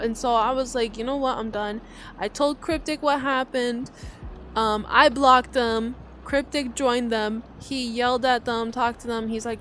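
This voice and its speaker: Young woman, rambling story to friends, swearing, restarts, slightly high voice, clear music underneath. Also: steady tone, normal speed, a bit bright. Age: young adult. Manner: rambling, profane, frequent restarts. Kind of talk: casual storytelling to a group.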